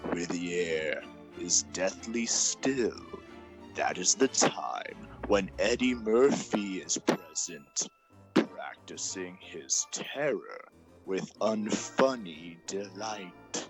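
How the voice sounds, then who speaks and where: Spooky haunted-house narrator, as a man puts him on, slow drawn-out ominous delivery, low voice, faint music. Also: animated, exaggerated voice, rough recording.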